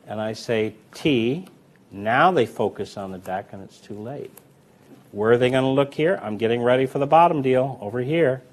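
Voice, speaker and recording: A man teaching card magic in a relaxed, chatty way, full of fillers and restarts while he demonstrates. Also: medium pitch, normal speed. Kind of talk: demonstrating and explaining card technique.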